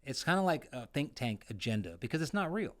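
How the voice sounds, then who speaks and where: A man from the United States co-hosting a casual podcast chat, telling stories with lots of swearing and sudden jumps in pitch and loudness. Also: a little fast. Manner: profane, animated storytelling with swings in pitch and loudness. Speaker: podcast co-host, veteran.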